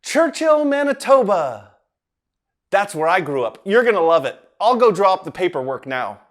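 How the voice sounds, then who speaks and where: A man's voice: high-pitched, very animated, normal speed. A man voicing a blunt adult store manager in a storybook tale. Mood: announcing.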